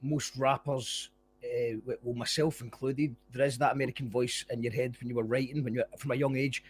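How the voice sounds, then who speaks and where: A man's voice: medium pitch, steady tone, a little fast, slight background noise. A Scottish man hosting a podcast, chatting casually with his guest and laughing easily. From Scotland. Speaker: podcast host. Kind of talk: casual chat.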